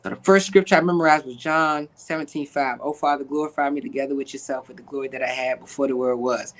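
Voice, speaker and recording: A man being interviewed, an actor, telling an emotional personal testimony in a slangy, animated, preacher-like way, acting out quoted dialogue. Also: mid-range voice, fast, rough recording. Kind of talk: emotional conversational storytelling.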